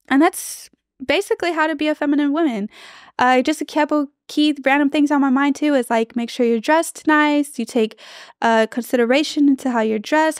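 A woman's voice: on the high side, smooth, no room sound, clean studio sound. A young adult woman hosting a relationship advice podcast, talking casually and earnestly with many fillers, acting out quoted lines as she goes. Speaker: relationship coach and podcast host.

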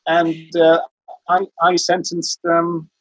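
A husky, slightly high-voiced man spins a long, wandering anecdote, tripping over his restarts. The sound is dry and a little dull, like a video-call mic. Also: completely flat delivery, slow, no echo. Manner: rambling storyteller, frequent restarts, chuckling. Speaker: interview guest, veteran activist.

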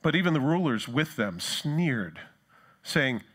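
Here the pastor speaks slowly in a fairly bright, sing-song voice pitched on the high side. His sermon is conversational, and at times he mimics the taunting crowd in a distinct voice.

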